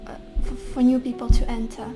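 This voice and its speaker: A woman giving a tarot reading to camera, talking softly with many pauses and fillers. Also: fairly high pitch, flat delivery, music in the background, rough recording. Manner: soft, searching, often pausing with fillers. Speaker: tarot reader.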